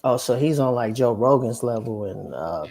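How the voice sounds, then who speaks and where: A person with a mid-pitched, ordinary voice chatting casually on a podcast. The talk is blunt and joking, with phrases delivered in a mock-formal way. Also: animated, moderate pace, creaky, a loud crowd. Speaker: works with patients. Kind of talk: casual chat. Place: lives in Los Angeles.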